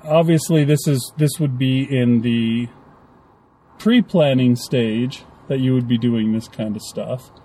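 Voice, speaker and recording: A man's voice: mid-range voice, measured pace, mellow, slight background noise. A man co-hosting a casual podcast chat, rambling and acting out little quoted lines. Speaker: podcast co-host.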